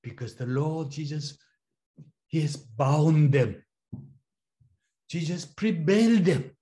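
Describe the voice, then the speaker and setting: A middle-aged man whose first language is Korean, a pastor giving a testimony in a slow, halting way, repeating phrases as he goes. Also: a little high, expressive, mellow. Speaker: pastor and former missionary. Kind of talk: sermon-style personal testimony.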